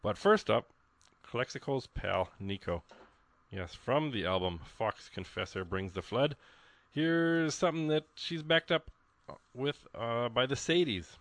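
A man's voice: medium pitch, a little slow, a bit bright, dry recording. A man hosting a radio show, chatting casually in a rambling, folksy way with plenty of ums and uhs. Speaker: radio host. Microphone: studio microphone.

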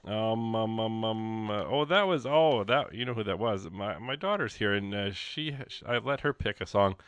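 A man's voice: on the low side, normal speed, a bit bright, smooth, dry recording. Rambling, jokey radio DJ man. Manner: rambling, jokey, many fillers and restarts. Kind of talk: casual radio show patter. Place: radio studio.

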